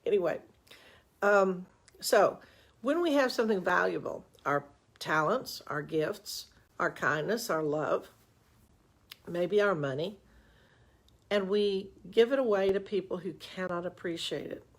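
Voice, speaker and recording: A woman's voice: fairly low pitch, unhurried, long pauses. An older woman, a relationship coach, giving chatty, folksy advice on a live stream with self-mocking asides, into a webcam.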